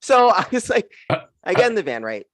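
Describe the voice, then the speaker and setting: Animated man in his forties doing stand-up. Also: sits high, moderate pace, dry recording, studio quality. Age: 40s. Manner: animated storytelling with big voice swings. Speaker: stand-up comedian. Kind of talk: stand-up set.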